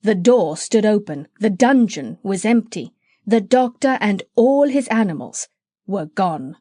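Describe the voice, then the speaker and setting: A woman's voice: mid-range voice, lively intonation, measured pace, dark tone, no room sound. Woman, audiobook narrator, children's story, character voices, dry sound. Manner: reads aloud with character voices.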